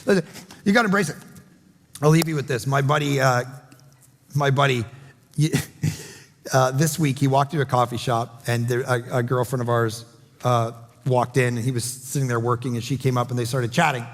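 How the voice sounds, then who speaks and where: A man preaching a sermon as pastor, telling a story with animated voices and then leading a prayer. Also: medium pitch, a little fast. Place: large church auditorium. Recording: long hall reverb with faint music.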